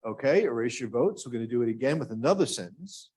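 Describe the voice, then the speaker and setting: A man's voice: mid-range voice, expressive, fast talker, hardly any pauses, darkish tone, breathy edge. A man teaching a grant writing workshop to a live room and online audience, asking questions and drawing the listeners in. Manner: engaging, asks the audience questions. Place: classroom with live and remote audience.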